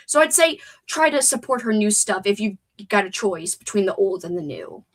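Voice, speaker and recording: A woman's voice: mid-range voice, very animated, moderate pace. A young adult woman with a stuffed-up nose, hosting a chatty, wordy livestream and reading out chat comments. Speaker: livestream host.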